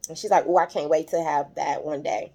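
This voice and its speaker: A woman's voice: low voice, fairly even intonation, fairly quick, creaky, dark tone, slightly rough. A young adult woman casually recapping a TV episode, retelling scenes with lots of fillers. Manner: chatty, retells scenes quoting characters, many fillers; gets emotional, voice rises when moved. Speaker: YouTube TV recap host.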